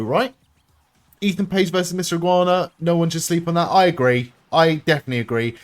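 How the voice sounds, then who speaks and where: Excitable sweary young male streamer. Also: a little high. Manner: excitable, swears often, sarcastic asides. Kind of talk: live-streamed gameplay commentary.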